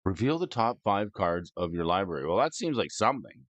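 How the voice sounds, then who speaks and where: A man with a fairly low voice rates game cards on his stream, playful and goofy, tossing in silly wordplay. His pitch swings widely as he talks. The mic sounds dull and lo-fi, in a dry room. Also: very animated, a little fast, a bit bright, dry recording. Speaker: host. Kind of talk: casual commentary rating cards.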